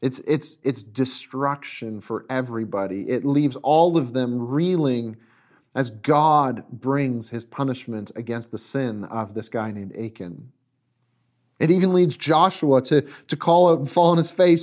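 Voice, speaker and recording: A man preaching a sermon, emphatic and repetitive, swinging between loud and hushed emphasis. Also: medium pitch, measured pace. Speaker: pastor.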